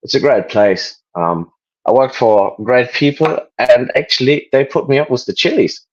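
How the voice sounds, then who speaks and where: A German man in his late twenties with a German accent, a guest chatting casually over a video call, relaxed and joking with many fillers. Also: medium pitch, normal speed. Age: 20s. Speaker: interview guest. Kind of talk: casual interview chat. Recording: dull lo-fi video call audio.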